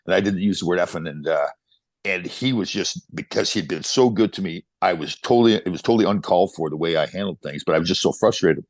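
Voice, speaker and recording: A man in his sixties, a podcast guest telling animated stories with quick restarts. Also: low voice, no room sound. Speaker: podcast guest, former pro hockey player. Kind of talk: casual storytelling interview.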